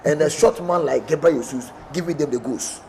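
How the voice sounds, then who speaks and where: Animated pundit in pidgin. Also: male voice, fairly high pitch, brisk, gravelly, slight background noise. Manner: animated, storytelling, acting out plays. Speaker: studio pundit. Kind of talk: match analysis in pidgin and English.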